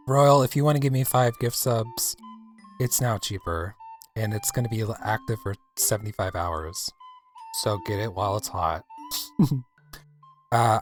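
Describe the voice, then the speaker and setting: Chatty man with a lively, swinging voice. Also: fairly low pitch. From American South. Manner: chatty, rambling, playful. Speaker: livestreamer. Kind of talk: casual chat while gaming, reading chat.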